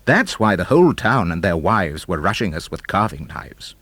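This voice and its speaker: A man narrating a children's book of comic verse, animated, theatrical and rhythmic. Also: low voice, moderate pace, no echo. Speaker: audiobook narrator. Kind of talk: expressive storybook verse reading.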